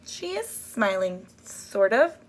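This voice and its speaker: A woman's voice: medium pitch, very animated, slow. Woman doing a dopey thief sidekick, storybook. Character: dim-witted male thief sidekick.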